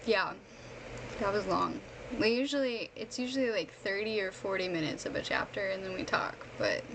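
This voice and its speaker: A woman's voice: medium pitch, animated, moderate pace. A tired young woman streamer, rambling and laughing as she chats casually with her live viewers after reading a book aloud. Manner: rambling, chatty, laughs often, many fillers. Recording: clear background noise.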